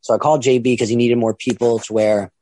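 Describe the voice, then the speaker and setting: A man's voice: medium pitch, steady tone, fast talker, warm tone, no room sound. A middle-aged man, a wrestling promoter and trainer, telling a long casual story in a rambling way and acting out the voices of the people in it. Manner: rambling, acts out quoted voices.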